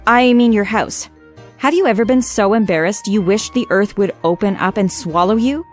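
A woman narrating a scripted first-person story in a wry, lively way. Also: mid-range voice, brisk, soft background music.

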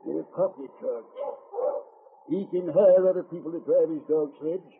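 A man's voice: fairly high pitch, steady tone, moderate pace, breathy edge. An actor playing a bad-tempered, wealthy mining boss and father who barks orders, in a 1950s radio drama on a lo-fi old broadcast. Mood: angry. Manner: blustering, barking orders.

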